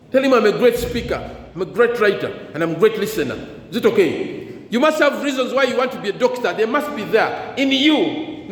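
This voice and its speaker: A man's voice: high-pitched, slight background noise. A man giving career guidance to students at a school, leaving blanks in his sentences for the class to fill in. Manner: call-and-response, leaves blanks for the class to fill. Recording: echoey hall, faint ambience.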